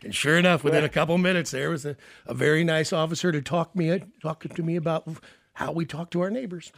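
A man hosting a radio show, telling a story in a blunt, animated, casual way. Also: a little high, fast, creaky, no echo. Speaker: radio host.

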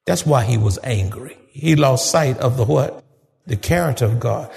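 Fervent preacher with a lively voice. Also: male voice, mid-range voice, moderate pace, vocal fry, long reverb tail. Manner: fervent, rising to shouts, calls on congregation to respond. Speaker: pastor. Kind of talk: sermon.

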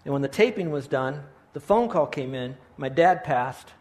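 A man's voice: a little high, animated, normal speed, darkish tone. A middle-aged male pastor preaching a sermon, earnest and pastoral, often restarting his sentences.

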